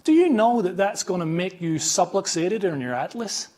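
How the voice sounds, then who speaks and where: Northern Irish man doing a brash American fitness guru, high-pitched and loud, attempted San Diego accent. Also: expressive, normal speed. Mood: blunt. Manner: blunt, declarative warnings.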